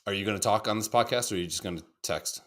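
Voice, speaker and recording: A man's voice: fairly low pitch, racing, a bit bright. Profane rambling man on a podcast. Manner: profane, rambling, acts out quoted voices. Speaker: podcast co-host. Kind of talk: casual chat.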